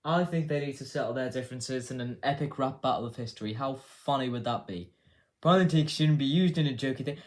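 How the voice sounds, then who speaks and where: A man's voice: medium pitch, a little fast. A man hosting a casual news commentary show, rambling and swearing with a sarcastic edge. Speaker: host.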